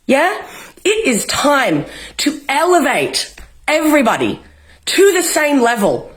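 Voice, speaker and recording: A woman's voice: high voice, wildly swooping pitch, slow. A young Australian woman vlogging from home, ranting with passion and swearing often. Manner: fiery, swearing, emotional, rallying. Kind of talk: impassioned political rant to camera. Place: home, in isolation.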